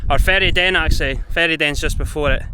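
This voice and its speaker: Scottish man, out of breath on a bike, higher voice, loud wind roaring over the mic. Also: quick pace. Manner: chatty, swears freely, puffing between phrases. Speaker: fitness vlogger. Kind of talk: casual vlog while cycling. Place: outdoors on a country road, cold and windy. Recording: heavy wind noise on the mic.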